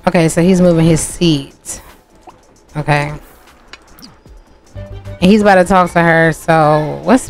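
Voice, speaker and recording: A woman talking her way through a life-sim game, chatty and full of playful scolding aimed at the characters on screen. Her voice sits a little low for a woman. Quiet game music plays underneath. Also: fairly even intonation, takes it slowly, pauses often. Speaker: game streamer. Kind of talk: casual gameplay commentary.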